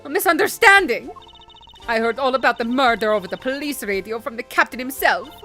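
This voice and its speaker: A woman's voice: high voice, lively intonation, moderate pace, sharp tone, soft background music, voice pushed up, exaggerated voice. Woman putting on an imperious young prosecutor. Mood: commanding. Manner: clipped commanding delivery, put-on Eastern European accent. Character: haughty young female prosecutor, imperious, demanding. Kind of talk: reading game dialogue aloud on a stream.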